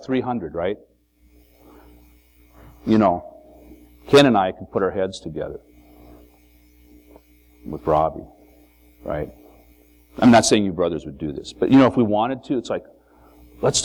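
A man's voice: medium pitch, a little mellow. A man preaching an informal sermon to a congregation, in a conversational way, with many asides and rhetorical questions. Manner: conversational, frequent "you know" and restarts, rhetorical questions. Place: meeting hall with a congregation.

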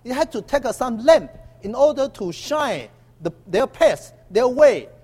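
Male preacher, high animated voice, long hall echo. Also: breathy edge. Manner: halting with many uh fillers, emphatic call-and-response. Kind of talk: sermon.

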